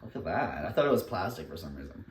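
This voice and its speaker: A young man vlogs while baking in his home kitchen, talking candidly and rambling, laughing a lot and swearing casually. His voice is deep and very animated with a quick pace. The indoor recording has background noise, an echoey room and a distant mic.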